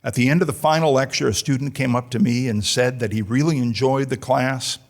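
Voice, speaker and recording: A man's voice: mid-range voice, fairly even intonation, a little fast. Wry American man giving a speech. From United States, New Jersey. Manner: dry, self-deprecating comic delivery. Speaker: colleague introducing the lecturer. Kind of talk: humorous speech at a formal lecture. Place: lecture hall.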